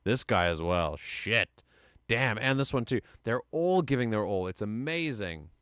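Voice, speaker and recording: A man's voice: on the low side, lively intonation, unhurried, heavy background noise. A man streaming live, chatting casually and enthusiastically, often rambling and correcting himself mid-sentence.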